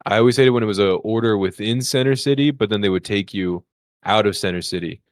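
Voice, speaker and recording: A man's voice: quick pace, dry recording. A man co-hosting a comedy podcast who tells casual stories and acts out the people in them. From Philadelphia area. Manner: chatty, acts out the people in his stories in a higher voice. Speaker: podcast co-host.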